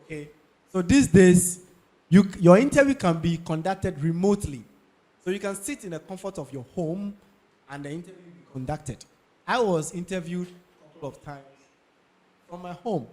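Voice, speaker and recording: Young Ghanaian male speaker, slightly high voice, emphatic, repeats his points, asks listeners if they follow. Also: lively intonation, moderate pace, darkish tone. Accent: Ghanaian English. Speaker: speaker giving career advice. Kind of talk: talk to an audience.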